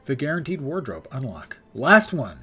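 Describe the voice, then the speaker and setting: An older man chats through a casual game stream, dry and self-mocking, with the odd curse word. His voice is wearing thin and hoarse. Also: medium pitch, sing-song, moderate pace, bright, forceful tone. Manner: wry, rambling, swears casually. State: losing his voice. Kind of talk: casual live-stream commentary.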